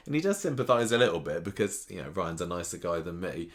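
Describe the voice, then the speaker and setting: A man's voice: low voice, very animated, fast, few pauses. A man co-hosting a podcast, recapping episodes with sarcastic asides in a casual chat. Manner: sarcastic, mimics characters in quotes. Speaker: podcast co-host.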